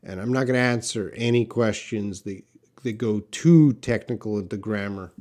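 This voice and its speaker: A man's voice: lowish voice, moderate pace, darkish tone. Canadian man teaching English live. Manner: direct, reads viewer comments aloud and answers them. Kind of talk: live-stream Q&A lesson.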